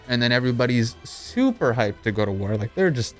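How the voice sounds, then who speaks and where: A man's voice: mid-range voice, big pitch swings, brisk, hardly any pauses. A young man narrating a comedic anime recap in an irreverent, profane, sarcastic, rambling way. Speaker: video narrator. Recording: voice-over with background music.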